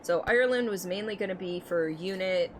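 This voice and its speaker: A woman's voice: on the low side, a little fast, slight background noise. A young adult woman from Michigan, streaming a game and chatting casually with her viewers, laughing often. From Michigan, United States. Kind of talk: casual gameplay stream chat.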